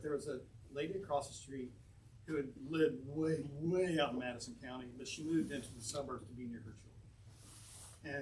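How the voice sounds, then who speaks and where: Poet from North Carolina answering audience questions in a bookstore, slightly high voice, chuckles often, distant noisy recording. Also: male voice. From North Carolina, USA. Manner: anecdotal and rambling, chuckling often. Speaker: poet presenting his book. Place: bookstore event room. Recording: distant mic, noisy room.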